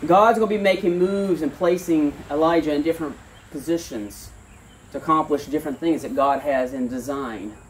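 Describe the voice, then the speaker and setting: Man, pastor, outdoor sermon, slightly high voice, earnest, plainspoken. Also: moderate pace, far from the mic, a little hiss or hum. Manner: earnest, plainspoken, with fillers and restarts. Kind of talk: sermon with scripture reading. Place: outdoor church service.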